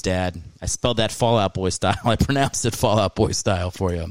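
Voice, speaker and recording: A man's voice: lowish voice, animated, normal speed, hardly any pauses, dry recording. A man hosting his own comedy podcast, rambling through jokes with lots of swearing and laughing at his own bits. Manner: rambling, profane, jokey, breaks into mocking voices. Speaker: podcast host.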